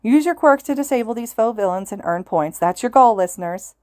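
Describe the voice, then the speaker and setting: A woman voicing a loud, flashy male announcer hero who hypes up his listeners. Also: brisk, dry recording, lightly acted. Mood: hyped. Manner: booming showman calls to listeners.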